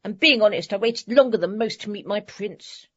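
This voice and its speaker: A woman's voice: mid-range voice, moderate pace, natural voice. A woman playing a fussy, vain princess past her prime in an amateur radio play, prissy and complaining. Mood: self-pitying. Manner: prissy, grumbling, posh. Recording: slightly muffled radio play recording.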